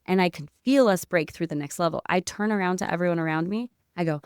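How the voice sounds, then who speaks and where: A woman guest on a podcast, telling a story in excitable casual chat with lots of "like" and spiritual talk. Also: lowish voice, fast talker, hardly any pauses, clear, resonant tone, no room sound, studio quality.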